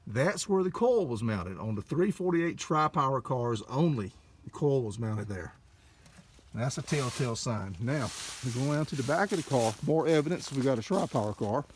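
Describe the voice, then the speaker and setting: An older man, a car dealer, giving an excited, folksy walkaround and talking to viewers as folks, recorded on a handheld camera mic. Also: medium pitch, slight background noise. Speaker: classic car dealer showing a car. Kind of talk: casual walkaround narration.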